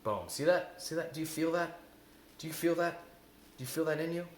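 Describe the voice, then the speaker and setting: A man's voice: a little high, brisk, a little hiss or hum. A man coaching viewers in a self-help lesson, earnest and repetitive, often asking rhetorical questions. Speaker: eating coach. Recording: echoey room.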